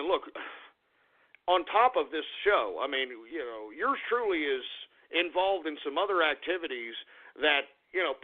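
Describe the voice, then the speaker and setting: A male radio host in an agitated, profane, repetitive rant, venting about an encounter and a lot on his mind. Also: fairly high pitch. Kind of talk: ranting talk radio monologue. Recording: tinny phone-like radio audio.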